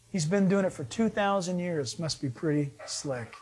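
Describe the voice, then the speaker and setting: A man's voice: high-pitched, lively intonation, moderate pace, husky. A man preaching a conversational sermon, telling stories in a chatty way with frequent restarts. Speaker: pastor.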